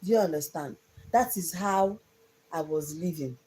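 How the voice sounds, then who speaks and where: A woman's voice: lowish voice, moderate pace, warm tone, low-quality recording. A young woman earnestly telling her life story to viewers on a phone livestream, often repeating herself. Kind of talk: casual personal storytelling on a livestream.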